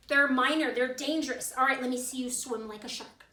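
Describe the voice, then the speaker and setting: Bubbly high-voiced woman teaching toddlers music. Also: moderate pace, few pauses, recorded from a distance. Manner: animated, sing-song, talks to young children. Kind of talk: children's music class. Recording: echoey room, voice from off-mic, music behind.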